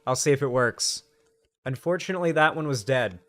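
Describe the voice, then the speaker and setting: A man's voice: mid-range voice, expressive, a little fast. A man streaming live, chatting casually with his chat in a rambling, crude, sarcastic way.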